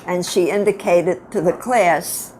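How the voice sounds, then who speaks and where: A woman's voice: fairly low pitch, unhurried, a little mellow, slight background noise. An older woman in her eighties with a Brooklyn accent, telling her family stories from her girlhood in a frank, reminiscing way. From upstate New York. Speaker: grandmother telling her life story. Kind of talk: casual storytelling to family.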